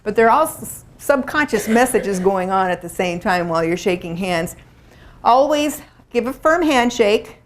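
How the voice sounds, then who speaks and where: A woman's voice: medium pitch, lively intonation, moderate pace, slight background noise. A middle-aged woman presenting a workshop to a live room, talking in a chatty, conversational way and acting out little quotes. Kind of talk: live seminar talk to a room.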